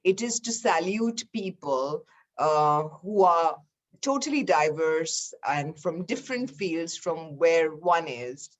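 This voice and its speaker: A woman who is a co-organizer, giving a measured, uplifting speech over a video call. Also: deep voice, animated. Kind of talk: formal speech.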